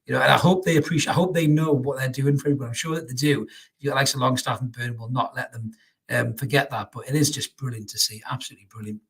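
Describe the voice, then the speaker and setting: A man's voice: mid-range voice, fairly even intonation, quick pace, vocal fry, fairly bright tone, husky. A man hosting a live fan stream, chatting through viewer comments and calling everyone mate. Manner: chatty, calls everyone mate, many restarts. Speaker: fan channel host.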